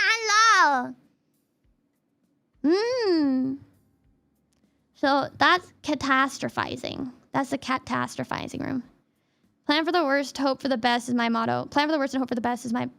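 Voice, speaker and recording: A high-pitched young woman talks through a livestream lesson in a loose, chatty way. She stacks up fillers, restarts her sentences often, and drifts between points. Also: gravelly, fairly bright tone. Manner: rambling, filler-heavy, lots of "like" and restarts; reads chat and thanks viewers in a high squeal. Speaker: VTuber streamer. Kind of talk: casual livestream lesson on cognitive distortions.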